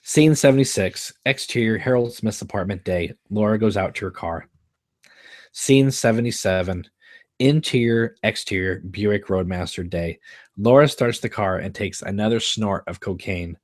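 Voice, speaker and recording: A man hosting a show, reading out the stage directions of a screenplay live in a measured, flat manner. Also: on the low side, no room sound, studio quality. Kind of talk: live screenplay read-through.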